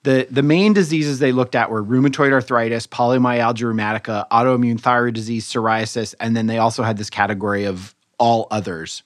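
A man of middle pitch talks through a medical study in a relaxed, explanatory way, often stopping to rephrase. The close recording is dry, with no room sound around him. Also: a little fast, hardly any pauses, dry recording. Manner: explanatory, relaxed, thinks aloud with restarts. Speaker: podcast co-host physician reviewing papers. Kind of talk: conversational medical journal review.

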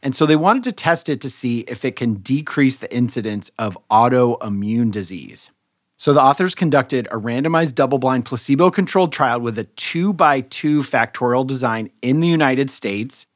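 A man co-hosting a medical podcast, casually explaining research papers and pausing to rephrase as he goes. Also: medium pitch, no echo, studio quality. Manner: explanatory, relaxed, thinks aloud with restarts. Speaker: podcast co-host physician reviewing papers. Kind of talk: conversational medical journal review.

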